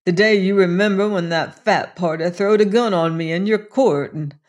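A reader voicing a weary, gray, gentle older male gunman in an audiobook, with a slow frontier drawl. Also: medium pitch, natural voice. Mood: earnest. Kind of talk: audiobook reading.

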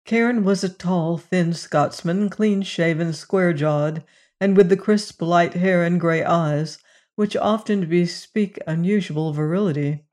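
Measured audiobook narrator. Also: mid-range voice, darkish tone. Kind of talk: scripted narration of a novel.

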